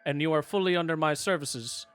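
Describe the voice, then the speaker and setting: A man's voice: fairly high pitch, a little fast, a bit bright, smooth, faint music behind, natural voice. A man voicing a pompous, pudgy male noble lord who speaks in a grandiose, condescending way.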